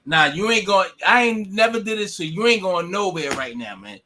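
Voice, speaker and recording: A man's voice: sits high, expressive, normal speed, pushed and bright, slight background noise. A man hosting a casual live talk stream, laid-back and slangy, prompting his guest to talk. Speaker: stream host.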